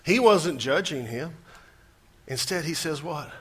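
A man preaches a sermon with a bright, forceful voice that sits a bit high for a man. He moves from loud, pressing emphasis to quiet, intense asides. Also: animated, unhurried, husky. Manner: dramatic, swings between loud emphasis and hushed intensity. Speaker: pastor.

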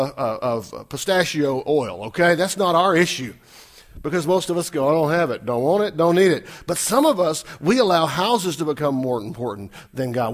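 A male preacher delivering a sermon, his voice a bit higher than most men's. He talks with a lot of swing in pitch, moving from loud emphatic lines to quiet asides. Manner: animated, shifts loud and soft, acts out quotes. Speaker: pastor.

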